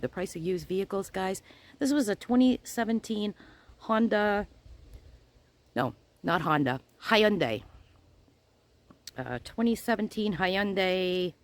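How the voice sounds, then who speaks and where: A middle-aged woman, hosting her crochet channel and chatting casually as she tells a story, acting out both sides of each conversation. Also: on the low side.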